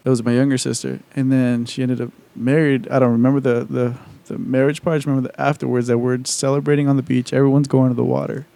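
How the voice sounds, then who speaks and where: Rambling, cursing man with a mellow voice. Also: medium pitch, flat delivery, fast, creaky, few pauses. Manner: rambling, profane, full of "like" and restarts. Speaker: podcast co-host. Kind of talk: casual podcast chat.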